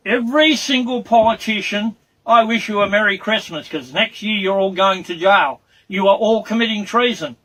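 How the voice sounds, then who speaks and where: An Australian man, pitched high for a man, rants in an angry, accusatory monologue. He drives his points home with repeated commands. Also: rough recording. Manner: shouting, accusatory, repetitive demands.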